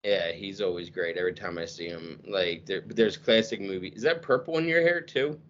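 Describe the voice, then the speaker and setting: A man's voice: deep voice, normal speed, a bit bright, dull audio, a little hiss or hum. A man from the United States hosting a podcast, chatting casually and teasing his guest. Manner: joking, teasing. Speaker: podcast host. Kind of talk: casual chat.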